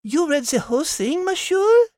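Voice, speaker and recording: A woman doing a very high-pitched prim French animal lady. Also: big pitch swings, moderate pace, darkish tone, no echo, studio quality. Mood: indignant.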